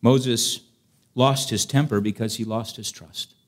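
A man preaching a sermon in an animated, humorous way, acting out scripture stories as he teaches. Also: medium pitch, unhurried.

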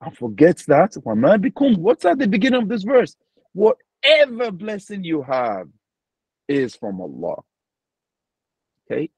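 A man gives a Ramadan reflection as an imam, his fairly high voice rising and falling with lively energy. He acts out the voices he quotes and keeps checking in with "right?". His tone is a touch husky and the sound is dry. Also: no room sound, low-quality recording.

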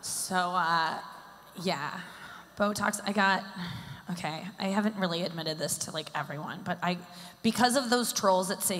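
A woman in her thirties performs stand-up on a live event stage. Her voice is bright and sharp, and she rambles in a self-deprecating way, packing her talk with "like"s. The sound rings out with the long reverb of a large hall. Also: mid-range voice, unhurried. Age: 30s. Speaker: stand-up comedian.

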